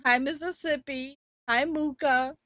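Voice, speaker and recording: Young woman streamer, giggly chat host, unhurried delivery. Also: sits high, fairly even intonation. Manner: giggly, greets chat viewers. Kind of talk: casual livestream chat. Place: home streaming room.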